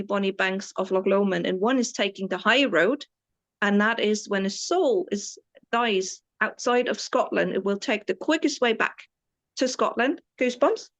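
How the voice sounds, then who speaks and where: A German woman in her forties from East Germany speaks English with a British Isles-influenced accent, telling stories as a tour guide in a casual interview. She's enthusiastic and rambling, with many restarts, and her voice is mid-range with a fairly bright tone.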